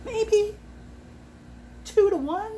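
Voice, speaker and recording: A woman in her fifties chatting casually at home as a fragrance consultant, swearing freely and working out prices out loud. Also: extremely high pitch, very slow, slight background noise. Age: 50s. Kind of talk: casual chat.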